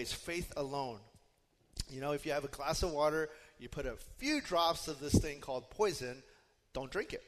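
A man's voice: fairly high pitch, fairly bright tone. A man preaching a sermon as pastor, conversational and explanatory, with frequent fillers and asides. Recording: long hall reverb.

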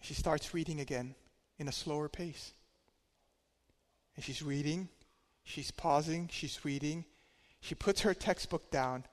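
A man preaching a sermon, telling a personal story in a conversational way, swinging between loud and quiet. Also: on the high side, a little slow, long reverb tail.

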